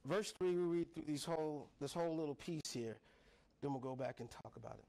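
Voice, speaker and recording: High-voiced playful male preacher. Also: fairly quick, creaky, darkish tone. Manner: playful, call-and-response, laughing often. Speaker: pastor. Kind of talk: sermon. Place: church sanctuary.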